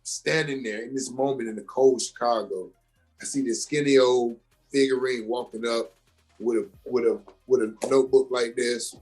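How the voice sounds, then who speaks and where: A young adult man from Georgia in the US, an actor and comedian guest telling his story with animated emphasis in a casual interview. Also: mid-range voice, normal speed, soft background music.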